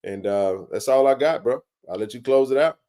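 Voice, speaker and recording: A man's voice: mid-range voice, normal speed, warm tone. A man hosting a casual live sports chat, laid-back and slangy, tossing in "man" and "bro" all the time. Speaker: livestream sports show host.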